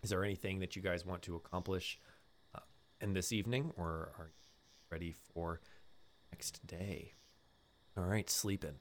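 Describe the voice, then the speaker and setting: A man with a lowish voice runs a tabletop game, narrating scenes in a relaxed, halting way with plenty of fillers. He is heard through an online call mic. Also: a little hiss or hum. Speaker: game master. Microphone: online call microphone.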